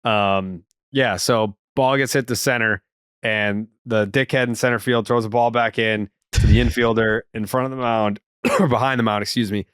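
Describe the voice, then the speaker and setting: A man hosting a casual sports podcast, telling stories with animated, profane enthusiasm. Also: medium pitch, moderate pace, clear, resonant tone, no echo, studio quality. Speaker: podcast host.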